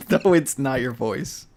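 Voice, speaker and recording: A tired young man chatting casually on a live stream, rambling with many fillers, restarts and laughs. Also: mid-range voice. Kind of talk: casual chat.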